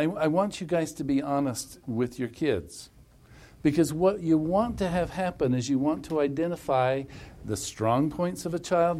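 Animated man coaching a couple. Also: a little high. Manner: animated storytelling with hypothetical scenarios; repetitive, emphatic phrasing. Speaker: family workshop speaker. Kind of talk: coaching a couple before a group.

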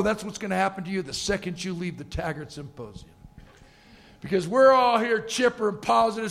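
A man's voice: sits high, vocal fry. A middle-aged man giving a humorous motivational keynote speech at a conference, telling stories and acting out the people in them. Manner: storytelling with comic asides and acted-out quotes. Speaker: keynote speaker. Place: conference stage.

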